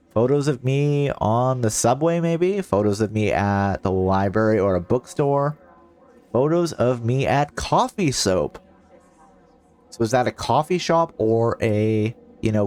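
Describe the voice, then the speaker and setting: A man's voice: medium pitch, a little mellow. A man streaming a video game, joking around and reading in-game documents aloud. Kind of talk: casual gameplay commentary.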